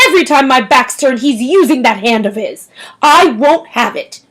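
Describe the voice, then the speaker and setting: Woman doing a strict old schoolteacher, sharp and indignant, voice jumps around a lot. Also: high voice, animated, moderate pace. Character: strict older female schoolteacher, harsh.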